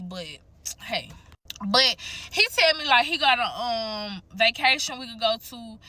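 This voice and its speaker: Young woman, AAVE, casual storytime vlogger, blunt and profane, fairly high bright voice. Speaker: storytime creator.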